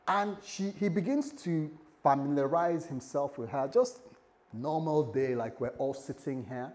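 A man's voice: fairly high pitch, unhurried, darkish tone. A man preaching a sermon, telling a scripture story with asides and jokes to the congregation. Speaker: pastor.

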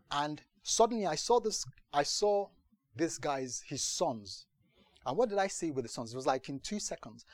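A man's voice: medium pitch, dry recording. A man preaching as pastor, telling stories from his own life in a sermon and often asking whether listeners follow him. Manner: storytelling, repeats "do you understand". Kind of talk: sermon testimony.

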